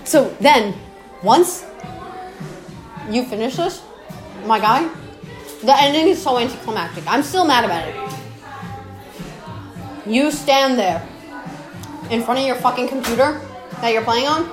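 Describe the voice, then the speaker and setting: A woman's voice: on the high side, lively intonation, a little slow, pauses often. A young woman chatting casually about game lore, rambling, laughing and swearing in slang. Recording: roomy echo with music behind. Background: clear music.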